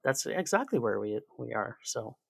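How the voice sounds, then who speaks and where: A man, a podcast guest chatting casually in a sarcastic, joking, animated way. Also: medium pitch, normal speed, creaky, breathy edge, no echo. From Canada. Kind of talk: casual chat.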